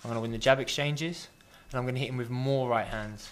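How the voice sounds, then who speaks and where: A man, a boxer, trash-talking his opponent at a press conference with mocking, taunting jibes and slow, deliberate threats. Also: medium pitch, a little hiss or hum.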